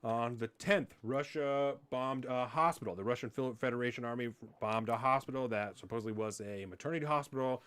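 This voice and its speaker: A man's voice: medium pitch, brisk, few pauses, a bit bright, smooth, dry recording. A man co-hosting a casual political podcast, ranting heatedly with frequent swearing and mocking impressions. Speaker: podcast co-host.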